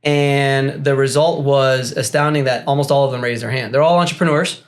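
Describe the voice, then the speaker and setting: A man's voice: mid-range voice, fairly even intonation, moderate pace. A man speaking as a podcast guest and business coach, talking candidly and at length with loose asides and the odd curse. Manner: candid and rambling, swears freely. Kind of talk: casual podcast chat.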